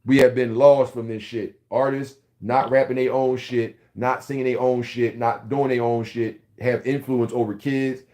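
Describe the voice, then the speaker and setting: This is a man in his forties from Philadelphia ranting to his viewers. He swears freely and rambles through heated, comic tangents. His voice sits at an ordinary middle pitch. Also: little pitch movement, normal speed, hardly any pauses. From Philadelphia, USA. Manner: loud, profane, heated, rambling storyteller. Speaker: vlogger. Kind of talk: profane comedic rant to camera.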